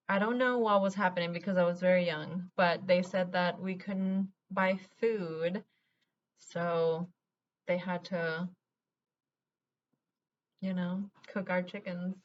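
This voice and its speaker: A woman's voice: on the low side, highs cut off, slight background noise. A young woman from Venezuela, chatting candidly at home while she does her makeup, rambling through childhood memories and laughing through hard moments. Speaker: vlogger. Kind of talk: get-ready-with-me chat while doing makeup.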